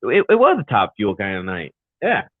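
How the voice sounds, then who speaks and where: Co-hosting a live racing talk show by video call, a man chats loosely and rambles through his thanks and sign-offs. He speaks at a moderate pace in a lowish voice with huge pitch swings. The audio is tinny and phone-like, without echo.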